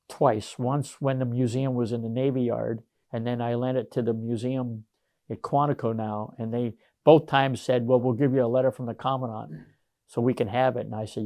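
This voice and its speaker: A man's voice: mid-range voice, a little mellow, no room sound. Older man, retired Marine, talks in long winding anecdotes; dry, close sound. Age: 60s. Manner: rambling, anecdotal, many fillers and restarts. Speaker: retired Marine gunnery sergeant, interviewee. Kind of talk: casual storytelling interview.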